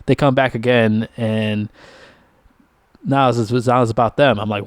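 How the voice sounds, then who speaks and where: A man's voice: mid-range voice, fairly even intonation, moderate pace, pauses often, clean tone, no room sound. A man giving a casual, profanity-laced rant reviewing a TV season, his voice jumping sharply upward when he gets annoyed. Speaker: TV show reviewer.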